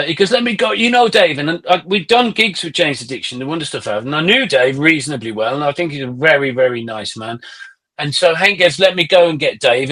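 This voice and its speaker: A middle-aged man sits in as a podcast guest and tells his stories in a loose, conversational way, peppering them with swearing. His voice sits in an ordinary mid range. He turns animated as the anecdotes build. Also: mid-range voice. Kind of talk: casual conversational storytelling.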